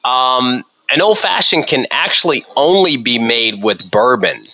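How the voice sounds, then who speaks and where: A man's voice: medium pitch, lively intonation, measured pace, sharp tone, rough recording. A man hosting a casual podcast chat, quizzing his co-hosts in a playful, teasing way. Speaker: podcast host.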